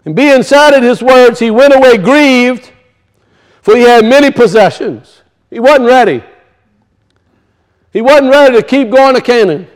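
A man's voice: extremely high pitch, a little slow, pauses often. A male pastor preaching a sermon, emphatic, with rhetorical questions and casual asides.

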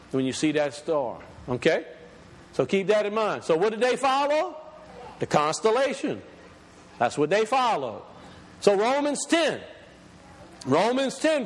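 High-voiced preacher in an echoey hall. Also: male voice, very animated. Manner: emphatic, reads scripture slowly and deliberately. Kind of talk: sermon.

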